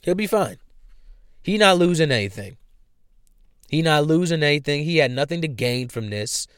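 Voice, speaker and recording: Fired-up man ranting, smooth voice. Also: a little high, animated, moderate pace, no room sound, studio quality. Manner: profane, heated, repeats himself for emphasis. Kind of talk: ranting commentary.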